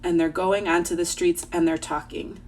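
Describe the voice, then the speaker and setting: A young woman teacher reading aloud and talking gently to young children at home. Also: on the low side, steady tone, normal speed, slight background noise.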